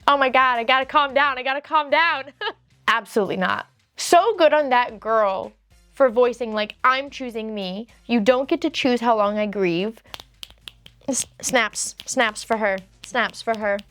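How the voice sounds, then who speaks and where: Woman host, higher voice, dry close sound, dramatic reactions to posts. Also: no room sound. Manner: animated, dramatic commentary. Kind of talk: reading and reacting to online posts.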